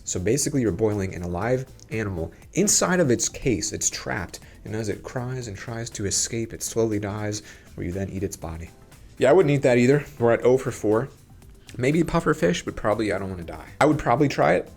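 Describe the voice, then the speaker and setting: A young man with a somewhat low voice hosts a casual vlog, ranting with animated, exaggerated disgust. His chatty asides keep the tone playful, with faint music underneath. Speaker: YouTube host.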